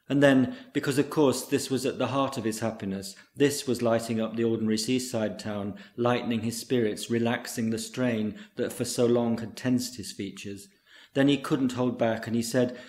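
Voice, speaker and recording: A man reading a literary short story aloud in a measured, unhurried way. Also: mid-range voice, fairly even intonation, a little mellow, reverberant. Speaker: reader.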